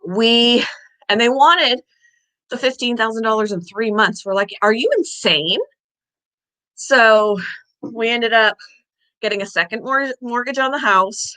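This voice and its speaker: A woman's voice: a little high, unhurried, pushed and bright, low-quality recording. A woman vlogger chatting casually to the camera, telling a long story in a rambling way and sometimes out of breath. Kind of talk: casual chat.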